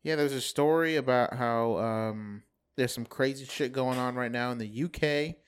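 A man's voice: mid-range voice, normal speed, clear, resonant tone. A man co-hosting a podcast, chatting casually and rambling through a story with restarts. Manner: rambling, laid-back, trails off and restarts. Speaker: podcast co-host. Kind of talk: casual chat.

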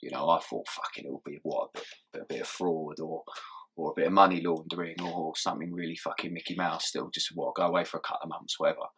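A man's voice: deep voice, fairly even intonation, fast talker, fairly bright tone, breathy edge. A young man telling his story in a casual interview, swearing and laughing as he goes. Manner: swears often and laughs through his story, mumbling asides. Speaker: interview guest.

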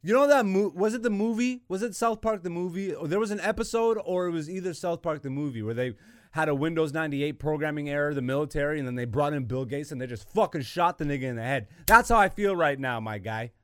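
A man's voice: a little high, quick pace, clean tone, no room sound, clean studio sound. Ranting, profane male podcast host. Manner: animated, profane, exasperated, loud bursts. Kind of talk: ranting casual monologue.

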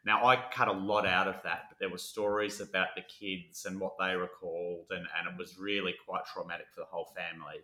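A man's voice: deep voice, flat delivery, fairly quick, few pauses, pushed and bright, reverberant. A man co-hosting a casual true crime podcast, reading case notes and riffing with jokes. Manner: jokey, reads case notes then riffs. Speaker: podcast co-host.

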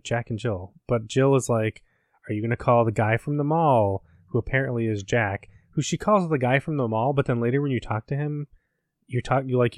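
A man's voice: medium pitch, no echo. Rambling, swearing man, dry sound. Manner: rambling, profane, self-mocking. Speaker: podcast host, academic. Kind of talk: casual chat recapping a game.

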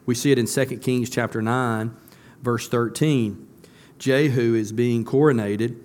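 A man's voice: fairly even intonation, unhurried. A male pastor preaching a sermon, often asking the congregation questions and answering them himself. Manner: builds to a louder, higher emphatic close.

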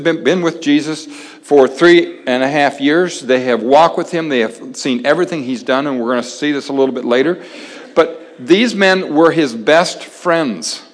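A man preaching a sermon with a slightly raised pitch, talking to the congregation like a conversation. He slows down and drops almost to a hush to make a point. His voice rings with the long reverb of a big hall. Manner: conversational, dramatic pauses, drops to near-whisper for emphasis.

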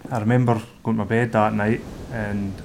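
Scottish man, middle-aged, low voice, plain-spoken storyteller, halting. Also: gravelly, slight background noise. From Scotland. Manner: plain-spoken, hesitant with fillers, animated when acting out scenes. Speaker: lifeboat volunteer. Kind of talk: recounting a rescue in an interview.

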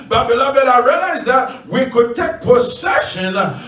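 A man's voice: extremely high pitch, sing-song, unhurried, a bit bright, soft background music. A man preaching a sermon to a congregation, talking emphatically with many filler sounds and leading call-and-response. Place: church. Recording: echoey room, from far off.

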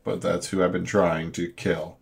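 A man's voice: deep voice, little pitch movement, normal speed, gravelly, crowd noise. A man playing a tabletop game, talking hesitantly and laughing at his rolls. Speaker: player. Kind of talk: casual tabletop play.

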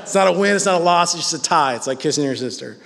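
A man's voice: on the high side, expressive, fast talker, gravelly, in a large hall, a crowd in the background. A man preaching a sermon in a conversational, emphatic way.

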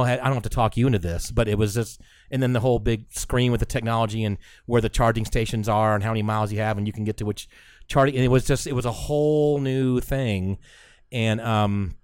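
A man co-hosting a podcast, telling an excitable, animated story in casual chat on a close mic. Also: mid-range voice, brisk, smooth, dry recording. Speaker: podcast co-host.

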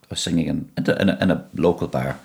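A middle-aged Irish man with a Donegal accent, telling stories in an interview in a relaxed way, often repeating and restarting words. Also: a bass voice, quick pace, gravelly. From Ireland (Donegal). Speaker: musician guest. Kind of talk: conversational interview.

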